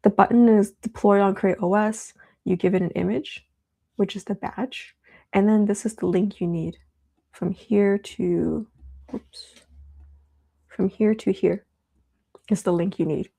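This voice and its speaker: A young woman hosting a live stream, chatting casually and rambling with many fillers as she demos software. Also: mid-range voice, fairly even intonation, measured pace, creaky, pauses often. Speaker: livestream host.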